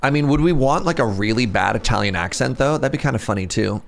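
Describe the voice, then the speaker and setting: A man's voice: fairly low pitch, expressive, a little fast, creaky, hardly any pauses. A man streaming a strategy game, talking casually and joking as he plays. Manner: chatty, joking, reacts aloud. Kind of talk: casual gameplay commentary.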